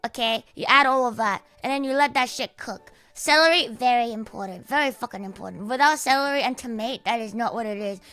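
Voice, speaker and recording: A woman's voice: a little high, brisk, few pauses, sharp tone, faint music behind. A young Australian woman livestreaming, chatting casually and swearing constantly, with a cute anime-like voice. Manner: sweary, rambling, laughs often.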